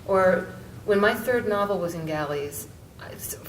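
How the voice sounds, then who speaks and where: Woman, middle-aged, author on a panel, halting storytelling, distant mic, echoey room. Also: expressive. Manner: halting, many restarts and fillers. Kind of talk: conversational storytelling. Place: book event room, indoors. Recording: echoey room, mic far off, faint rumble.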